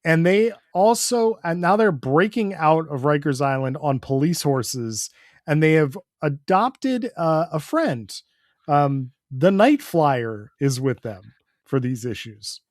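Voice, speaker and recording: A man's voice: fairly high pitch, big pitch swings, takes it slowly, no room sound, clean studio sound. A man co-hosting a comics podcast, recapping the plot in an easygoing way with fillers. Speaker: podcast co-host. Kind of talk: casual comics chat.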